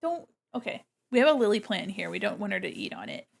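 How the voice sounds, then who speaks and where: A woman's voice: big pitch swings, quick pace, gravelly. A young woman chatting casually and playfully on her art livestream while she draws, talking into a desk microphone. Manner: playful, chatty, imitates her cats with squeaky noises. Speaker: art streamer.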